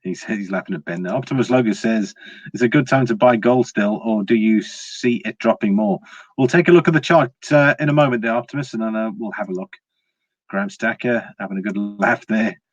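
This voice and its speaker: A man's voice: on the low side, a little fast, dry recording, lo-fi sound. A man hosting a casual livestream, chatting to viewers, laughing often and restarting his words. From Britain. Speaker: livestream host.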